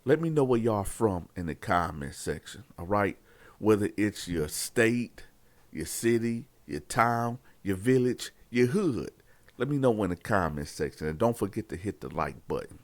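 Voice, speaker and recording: Speaking at a normal speed in a lowish voice with no echo, a Columbus, Ohio-area man recounts a prison story on his channel. He acts out the conversations with lively storytelling and talks straight to his audience, calling them y'all.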